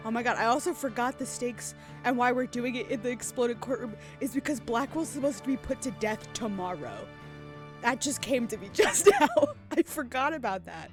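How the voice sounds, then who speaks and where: An excitable young woman streamer reacting to a game, her pitch bouncing all over. She giggles and chats to herself, with game music behind. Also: normal speed. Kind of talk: casual game commentary.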